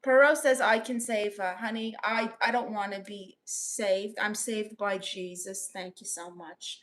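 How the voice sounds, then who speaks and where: A woman from Brooklyn with a Brooklyn accent, hosting a casual livestream, reading viewer comments aloud and answering with sassy, quick comebacks. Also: mid-range voice, fairly even intonation. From Brooklyn, New York. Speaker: livestream host reading chat.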